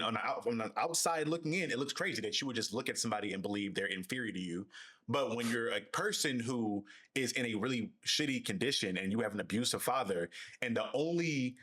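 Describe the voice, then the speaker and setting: A man's voice: on the low side, a bit bright. A man co-hosting a podcast in a casual discussion, reflective and thinking aloud with frequent restarts. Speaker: podcast co-host.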